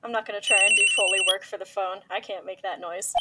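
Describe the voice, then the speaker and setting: A woman's voice: mid-range voice, steady tone, fast, distant mic, heavy background noise. A woman streamer chatting casually while reading through a game. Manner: chatty, self-deprecating. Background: game music.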